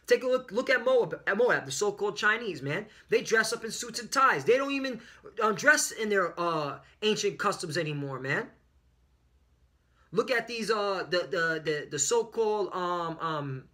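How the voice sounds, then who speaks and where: Man preacher, high bright voice, fiery, profane, rambling with fillers. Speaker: online preacher. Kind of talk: religious commentary lesson.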